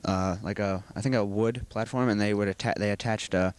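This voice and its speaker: A teenage boy with a fairly low voice answers questions for a school video. He talks earnestly and rambles through long explanations. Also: fairly even intonation, brisk, darkish tone, clear, resonant tone. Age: teens. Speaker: student actor being interviewed.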